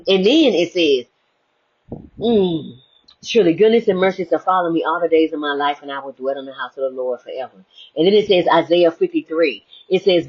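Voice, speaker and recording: Husky woman giving a spiritual pep talk. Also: fairly low pitch. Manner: lively, swings between hushed and exclaiming, laughs often. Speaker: inspirational speaker. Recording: muffled lo-fi audio.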